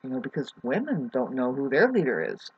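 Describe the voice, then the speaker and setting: A woman in her forties giving a casual, rambling astrology talk, halting often with fillers and restarts. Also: a bass voice, wildly swooping pitch, husky, highs cut off. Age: 40s. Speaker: astrology vlogger.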